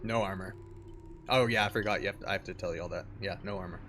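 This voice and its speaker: Young guy gm, kinda low voice, laid back, lots of uhs. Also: fairly even intonation, fast, noisy background. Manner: easygoing, hesitant with fillers. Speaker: game master. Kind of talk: narrating a tabletop game.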